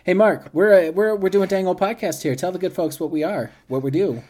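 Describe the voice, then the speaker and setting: A man's voice: sits high, a little fast, warm tone. Sarcastic, storytelling male podcast co-host. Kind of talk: casual podcast banter.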